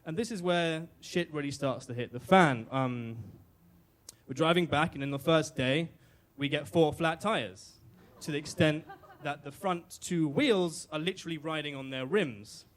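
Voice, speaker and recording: A British man with a fairly high voice tells a story live on stage into a microphone. His delivery is wry and self-mocking, full of little restarts and fillers. He lets the absurd bits land with dry understatement. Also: unhurried. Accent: British English. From Britain.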